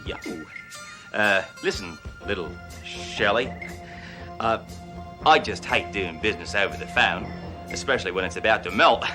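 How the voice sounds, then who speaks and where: A blustering, boastful fake-Aussie tycoon, as a man puts on the voice swaggers through his lines with a hammy drawl. Music plays clearly behind him in this TV comedy scene. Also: on the low side, expressive, normal speed, long pauses, lightly acted. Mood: flirty. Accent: fake Australian. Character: brash loud male cop posing as an Aussie tycoon.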